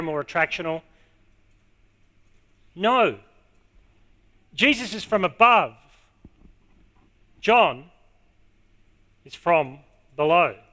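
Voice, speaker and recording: A man preaching a sermon to a congregation, stressing key words and repeating them slowly. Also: sits high, pushed and bright. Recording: long hall reverb.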